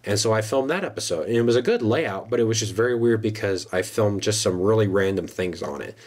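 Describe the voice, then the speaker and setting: A man's voice: lowish voice, lively intonation, brisk, darkish tone. A man, the channel's host, casually rambling about his old videos with many fillers. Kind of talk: casual commentary.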